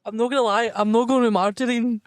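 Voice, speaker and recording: A performer voicing Barry, a deadpan male bookmaker in an improvised comedy podcast, with a flat, matter-of-fact delivery. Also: medium pitch, fast talker, dry recording, studio quality, lightly acted. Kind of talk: improvised comedy role-play.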